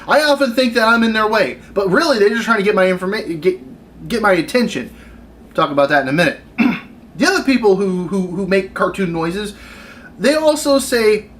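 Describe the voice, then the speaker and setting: A man in his thirties ranting on camera about his retail job, exasperated and sarcastic. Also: high-pitched. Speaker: retail worker venting on camera. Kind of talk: comedic rant vlog.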